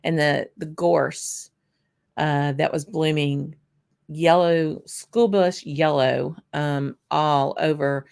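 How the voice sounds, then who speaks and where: Woman, whisky host, casual livestream chat, answers viewers by name, lowish voice. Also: vocal fry. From Louisiana. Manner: chatty, answers viewers by name while tasting.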